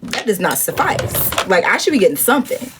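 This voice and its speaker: A woman in her thirties chatting casually on a livestream, telling stories animatedly, leaping to high indignant exclamations and dropping to low murmured asides. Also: big pitch swings, brisk, noisy background. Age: 30s. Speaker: livestream host. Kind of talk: casual live-stream chat.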